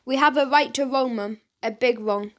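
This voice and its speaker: A woman's voice: high voice, moderate pace, background noise, close to an everyday voice. A woman voicing an earnest, loyal young boy in an audiobook, speaking with urgent pleading.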